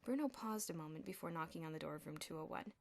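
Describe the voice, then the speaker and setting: Woman narrator, lively children's audiobook reading, mid-pitched, expressive. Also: quick pace, gravelly. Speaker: audiobook reader.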